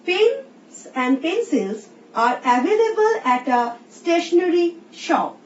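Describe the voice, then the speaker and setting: A woman teacher with an Indian English accent, slowly explaining a recorded English lesson and reading example sentences aloud. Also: very high voice, sing-song. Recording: roomy, distant, dull sound with faint hiss.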